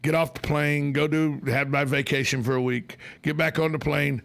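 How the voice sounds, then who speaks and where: A man's voice: on the high side, flat delivery, moderate pace, gravelly, fairly bright tone. A man hosting a radio talk show, telling travel stories in casual rambling chat. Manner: storytelling, rambling with restarts.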